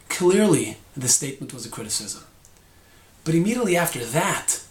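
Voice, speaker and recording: A man's voice: mid-range voice, echoey room. A man teaching a short Torah lesson, explaining and acting out tones of voice.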